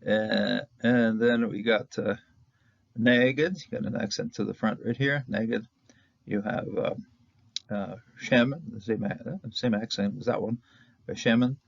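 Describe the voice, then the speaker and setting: A man's voice: on the low side, steady tone, unhurried, vocal fry, dry recording, lo-fi sound. A man teaching Hebrew grammar in an informal lecture, chatty, often chuckling and checking in with "okay?".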